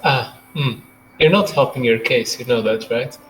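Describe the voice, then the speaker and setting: A man's voice: mid-range voice, normal speed, a bit bright, faint music behind, rough recording. A young man playing a character at a tabletop game, hesitant with dry humor. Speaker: player. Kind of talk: in-character roleplay.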